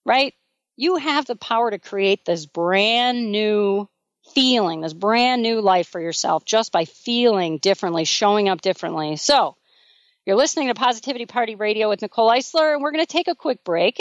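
A woman's voice: fairly high pitch, dry recording, dull audio. Earnest woman radio host, dry studio. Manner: earnest, emotional, encouraging. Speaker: radio show host and life coach. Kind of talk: motivational radio talk.

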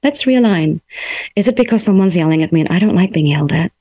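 Gentle low-voiced woman coaching self-help. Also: lively intonation, fast, no room sound. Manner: gentle, coaxing, models self-talk aloud. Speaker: emotional wellness coach. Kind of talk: guided self-help talk. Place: home room.

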